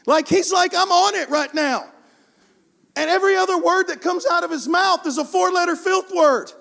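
A man preaching a passionate sermon, rising to shouts and dropping to hushed storytelling. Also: extremely high pitch, moderate pace, gravelly.

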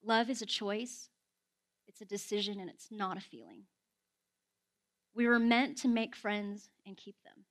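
A woman preaching a sermon, telling a story and acting out the quotes with rising excitement. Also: mid-range voice, a little slow, long pauses.

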